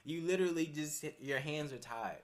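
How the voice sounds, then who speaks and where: A man's voice: a little high, normal speed. A man chatting casually on a podcast, laid-back and profane, laughing often and talking with many fillers. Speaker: podcast guest.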